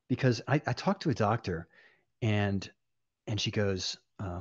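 A man's voice: on the low side, unhurried, slightly rough, dry recording, dull audio. An older man speaking as an interview guest, telling stories animatedly and acting out the voices of people he quotes. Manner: animated storyteller, acting out dialogue. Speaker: guest, applied AI director. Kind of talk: interview conversation.

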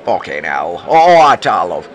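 A man's voice: deep voice, very animated, unhurried, a faint crowd. A man, fan-dubbing a crude, blunt old man turning sixty. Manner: bawdy, blunt, broad. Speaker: fan comedy dubber.

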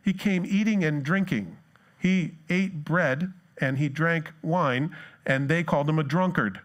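Male pastor, slightly higher voice, casual and funny, acts out scripture while preaching. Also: moderate pace. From United States. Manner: conversational and joking, with lively retellings. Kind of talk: sermon. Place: church.

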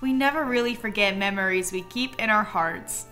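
A woman reading the lines of a kind, cheerful male cartoon mouse from a game, slowly and gently. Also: medium pitch, faint music behind, close to an everyday voice. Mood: reassuring. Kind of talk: reading game dialogue aloud.

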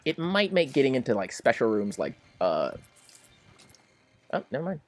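A young man giving casual, excitable let's-play commentary, melodramatic and quick to plead or laugh. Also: mid-range voice. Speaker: gaming commentator.

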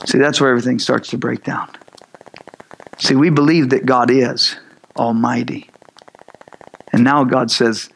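A man preaching a sermon as pastor, repeating phrases and building to loud emphatic peaks. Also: medium pitch, level tone, measured pace, gravelly, long pauses, slight background noise, rough recording. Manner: repetitive, stammering restarts, rising to loud emphatic peaks; acts out voices of Moses and God in dialogue.

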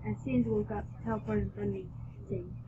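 A woman reading her own fan story aloud as a video host, halting often to correct herself. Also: mid-range voice, fairly even intonation, warm tone, a little hiss or hum. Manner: halting, with restarts and self-corrections. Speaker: fanfic reader and video host. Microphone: built-in or cheap mic, not a headset. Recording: dull lo-fi home recording.

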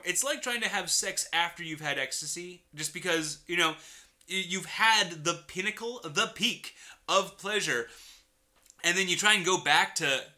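A man's voice: on the high side, pushed and bright. A man giving casual, rambling gaming commentary full of crude joking asides. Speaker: let's play streamer.

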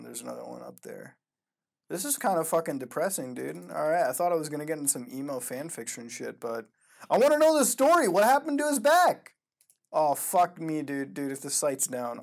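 A man hosting a casual reaction commentary, profane and excitable, swinging from mumbled asides to loud outbursts. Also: mid-range voice. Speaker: host.

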